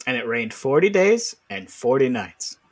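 A man's voice: medium pitch, sing-song, a little slow, husky. A man co-hosting a podcast, reading a comic text aloud playfully and acting out the quoted lines. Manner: playful, laughs often, acts out lines. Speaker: podcast co-host.

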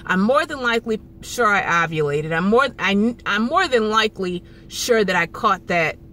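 A woman's voice: mid-range voice, lively intonation, normal speed, fairly bright tone, a little hiss or hum. A woman in her thirties venting to camera in a frustrated, rambling way, often repeating herself. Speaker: vlogger. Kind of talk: emotional venting vlog.

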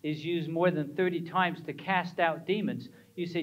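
A man's voice: a little high, fairly even intonation, moderate pace, muffled recording. A middle-aged man preaching a sermon in a church, emphatic and asking the congregation questions. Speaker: pastor.

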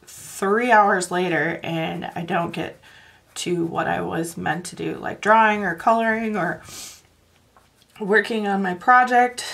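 Slow-talking woman with gravelly voice. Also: fairly low pitch. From northern Wisconsin. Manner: rambling, chatty, with soft laughs and many fillers. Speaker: coloring channel host. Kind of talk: casual chat while coloring.

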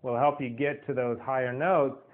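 A man's voice: medium pitch, steady tone, normal speed. A man talks through a singing lesson in a loose, rambling way, doubling back on his words and filling gaps with ums. His voice sits in an ordinary middle register. The sound is narrow and tinny, like a phone line. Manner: rambling, repeats words, many fillers. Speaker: singing teacher. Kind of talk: casual spoken vocal lesson.

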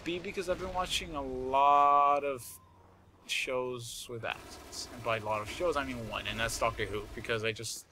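A man doing live commentary over his gameplay, rambling and chatty, prone to shouting, laughing and swearing. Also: medium pitch, normal speed, background noise. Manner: excitable, shouts and laughs at in-game moments. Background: game gunfire and explosions.

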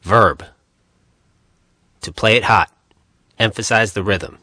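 A man narrating an audiobook, reading dictionary entries in short, measured phrases. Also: lowish voice, pushed and bright, dry recording, studio quality.

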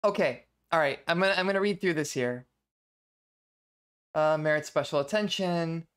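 A woman's voice: deep voice, moderate pace. A young woman streaming live, chatting casually and laughing often as she reacts to a video.

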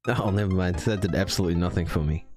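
A young man streaming himself playing a game in a tournament, excitable and jokey, yelling and swearing when things go wrong. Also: deep voice, fast, over music. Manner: excitable, swears a lot, yells in frustration, jokey. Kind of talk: casual live-stream commentary while gaming.

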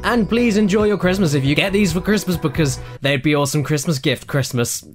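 A young man hosts a scripted comedic game retrospective, rattling through it with energetic, joking delivery and casual swearing. His voice sits a touch high and moves fast. A faint music bed runs beneath him. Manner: energetic, jokey, swears freely. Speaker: video game reviewer.

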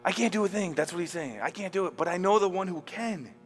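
A man with a high voice preaches a sermon, loose and animated, dropping slang and acting out quotes. His voice rings with a long hall reverb, and faint music plays underneath. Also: fast talker. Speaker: pastor. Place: church hall.

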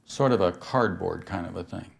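A man's voice: deep voice, moderate pace, gravelly. An older man giving a spiritual talk to an audience, telling stories, laughing and asking his listeners questions. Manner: storytelling, asks the audience questions, laughs often. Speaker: speaker on mysticism.

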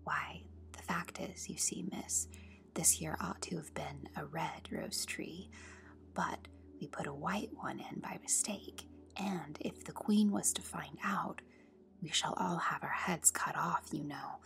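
Lady doing a jittery gardener guy whispering low, bit gravelly. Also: slow pace, a bit bright, exaggerated voice. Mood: anxious. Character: nervous male gardener, common-spoken, low and hushed.

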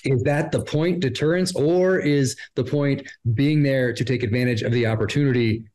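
A man with a mid-range voice hosts an interview. He asks his questions haltingly, restarting phrases and filling gaps with pauses. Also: mid-range voice, a little mellow. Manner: halting, many fillers and restarts.

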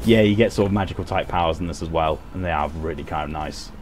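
A man's voice: deep voice, fast, background noise. A man giving casual, self-mocking commentary while he plays a game on stream, often laughing at his own mistakes. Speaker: gaming streamer.

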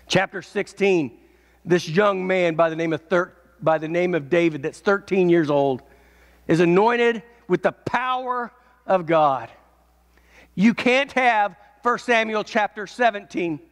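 A male pastor preaching a sermon, telling a story and swelling into shouts at its peaks. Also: sits high, unhurried. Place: church. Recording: echoey church hall.

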